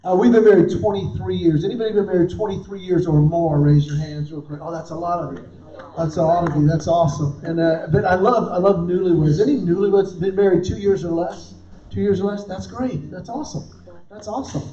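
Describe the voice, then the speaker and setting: A man's voice: sits high, a little fast. A man in his fifties doing stand-up comedy at a church event, telling stories and acting out the people in them. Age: 50s. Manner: animated storytelling, acting out quoted dialogue. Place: large hall before a live audience. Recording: roomy, distant, dull hall recording.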